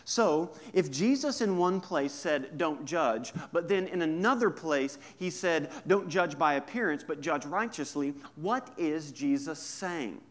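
A man preaching a sermon as a pastor, conversational and humorous, moving between hushed asides and emphatic points. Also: a little high, expressive, unhurried, hardly any pauses.

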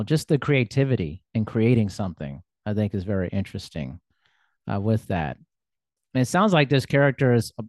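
A man's voice: mid-range voice, darkish tone, no echo, clean studio sound. An American man hosting a podcast, asking curious questions and teasing his guest with a ready laugh. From United States. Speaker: podcast host. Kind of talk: casual interview chat.

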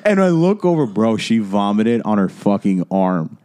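A man's voice: lowish voice, sing-song, moderate pace, dark tone, clean tone. A young adult man co-hosting a podcast, telling a story in a rambling, profane way full of fillers. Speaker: podcast co-host. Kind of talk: casual storytelling chat.

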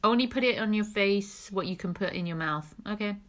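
A woman's voice: medium pitch, a little fast, fairly bright tone. A woman co-hosting a podcast, chatting casually and giggling as she goes. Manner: laid-back, giggly, chatty. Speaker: podcast co-host. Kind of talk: casual chat.

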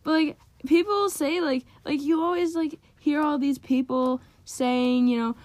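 A woman's voice: high voice, fairly even intonation, a little slow, a little mellow, dry recording. A teenage girl co-hosting a casual chat, bubbly and full of "like" and slang. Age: teens. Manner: bubbly, lots of "like", playful slang. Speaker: podcast co-host, daughter.

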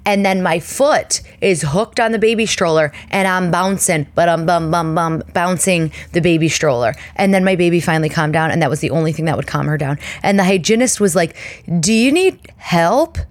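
A woman in her thirties hosting a podcast, telling a story in a chatty, animated way and acting out the people in it. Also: fairly low pitch, brisk, hardly any pauses, dry recording. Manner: chatty and animated, acts out quoted voices. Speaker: podcast host. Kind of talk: casual storytelling monologue.

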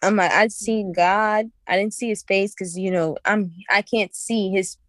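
A young woman earnestly recounting a vision in halting, repetitive casual speech. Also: mid-range voice, steady tone, no echo. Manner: earnest, halting, repeats herself. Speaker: guest sharing a vision. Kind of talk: casual testimony.

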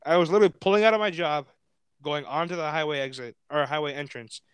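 A man in his twenties hosts a podcast and tells stories in a loose, rambling way, swearing freely. His voice is a little high and very smooth and clear. The recording is dry and close. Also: fast, dry recording. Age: 20s. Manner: rambling, swears often, many fillers. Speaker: podcast host. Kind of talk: casual storytelling chat.

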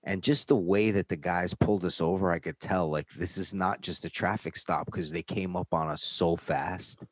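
A man in casual conversation, telling a story in an animated way and loudly acting out other people's lines. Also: low voice, normal speed, hardly any pauses, husky, no echo. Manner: animated, acts out shouting cops.

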